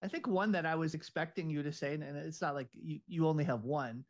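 A man's voice: fairly high pitch, fairly quick, lo-fi sound. A man co-hosting a casual conversation, talking in an earnest, searching way and often restarting his sentences.

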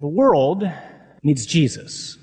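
A male priest giving a conference sermon, emphatic and humorous, with an animated preaching manner. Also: a little high, slow, heavy background noise. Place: large conference hall. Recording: long hall reverb.

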